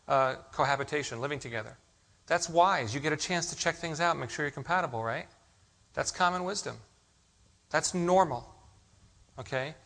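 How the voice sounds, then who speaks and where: A man's voice: on the high side, fairly bright tone. A man preaching a sermon, asking the congregation rhetorical questions and telling stories. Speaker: pastor.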